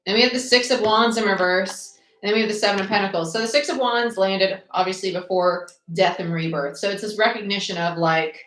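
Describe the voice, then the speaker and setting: In an echoey room, a young woman from New Jersey talks briskly with few pauses, in a mid-range, slightly bright voice with fairly even intonation. Hosting her channel's live tarot reading and casual chat, she's chatty, blunt and sarcastic, swearing freely.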